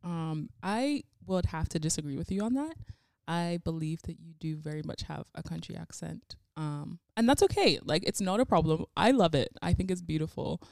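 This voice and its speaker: A young woman with a low, fry-edged voice interviews a friend on a podcast. She chats in long bubbly runs and giggles often, and the close mic gives a dry sound with no room. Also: moderate pace, hardly any pauses, darkish tone, dry recording. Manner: bubbly, giggly, talks in long run-on stretches. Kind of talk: casual podcast chat.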